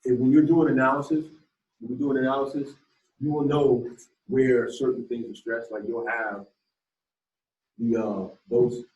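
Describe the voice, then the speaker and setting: A male teacher lectures in a classroom, talking in an easy, conversational way and often putting questions to his students. His voice sits at an ordinary middle pitch. The camera is far across the room, so the sound comes through distant and echoey. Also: level tone, normal speed, long pauses, a little mellow, dull audio.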